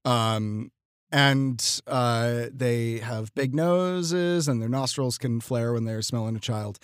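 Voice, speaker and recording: A man's voice: mid-range voice, takes it slowly, clean tone, no room sound, studio quality. A man co-hosting a podcast, chatting about a film in a wry way, sighing and swearing. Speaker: podcast co-host. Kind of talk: casual film discussion.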